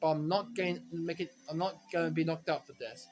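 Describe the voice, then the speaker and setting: A man giving rambling, self-correcting commentary while playing a racing game, now and then breaking into frustrated shouts. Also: on the high side, steady tone, brisk. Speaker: gaming commentator. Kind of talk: casual let's-play commentary.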